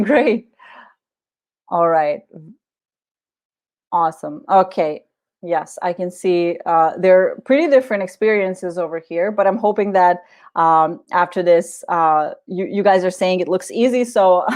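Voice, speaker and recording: Woman webinar host, slightly low voice, friendly walkthrough with fillers. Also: a little mellow. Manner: friendly, many fillers, talks viewers through clicks. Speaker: webinar presenter. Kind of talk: live software tutorial webinar.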